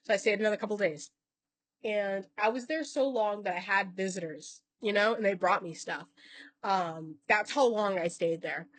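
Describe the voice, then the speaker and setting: Speaking at a normal speed in a mid-range voice, this woman vlogger spins a lengthy personal tale in casual talk. She wanders, fixes her own wording, drops the occasional swear, and voices other people's quotes in character.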